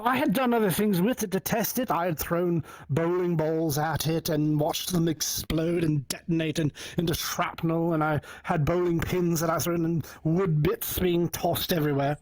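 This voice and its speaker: A man hosting a talk show and telling a personal story in a casual, animated way, acting out the dialogue. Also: on the high side, dry recording. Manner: animated, acts out dialogue with many restarts.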